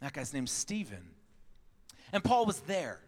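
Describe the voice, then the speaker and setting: A young man preaches to a congregation, telling personal stories with animated energy and laughing often. His voice sits a little high, and he acts out each line of dialogue. The sound rings with the long reverb of a large hall. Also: unhurried. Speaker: pastor.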